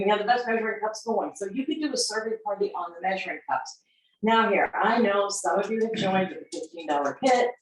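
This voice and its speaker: A woman casually presenting sales tips on a live video, chatty and relaxed. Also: mid-range voice. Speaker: sales team member presenting a tip. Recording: very echoey room, far from mic.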